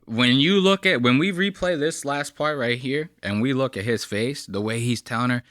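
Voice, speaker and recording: A man hosts a podcast in loose, profane commentary, blunt and mocking, tossing "bro" and "buddy" at the listener. His voice is bright and forward, and it sits at a middling pitch in a close, dry sound. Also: normal speed, few pauses, no room sound. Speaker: podcast host. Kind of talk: casual profane commentary on a clip.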